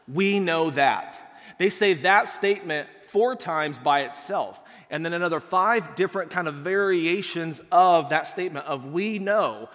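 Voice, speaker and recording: A man preaching a conversational sermon, casual and animated, acting out the people in the passage and saying "like" a lot. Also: high voice, moderate pace, few pauses, in a large hall. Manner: casual, animated, acts out quotes and says "like" a lot.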